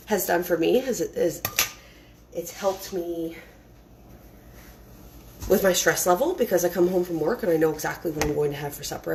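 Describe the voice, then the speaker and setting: Chatty low-voiced woman cooking at home. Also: noisy background. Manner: chatty, rambling, frequent fillers and restarts. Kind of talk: casual cooking demonstration. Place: home kitchen.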